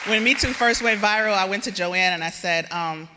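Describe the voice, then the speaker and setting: A woman giving a speech at a gala, lively and laughing as she coaxes the crowd. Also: medium pitch, moderate pace, heavy background noise. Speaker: award presenter and gala speaker. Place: large event hall with a crowd. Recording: echoey hall with crowd murmur.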